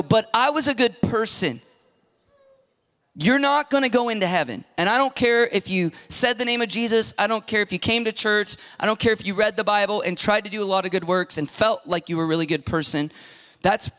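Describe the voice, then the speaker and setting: A middle-aged pastor preaches a sermon in a high-pitched voice, emphatic and animated. He acts out the voices of people he quotes and at times drops to a whisper.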